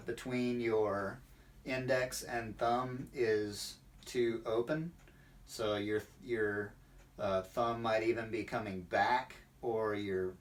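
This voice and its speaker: A man's voice: mid-range voice, far from the mic. A man, a percussion instructor, explaining drum technique in an online lesson with many fillers.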